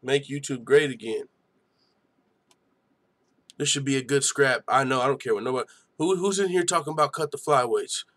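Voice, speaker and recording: A man's voice: mid-range voice, moderate pace, pauses often, a bit bright. A young man hosting a live fight-night stream, giving hyped, slangy reaction commentary and chatting with viewers.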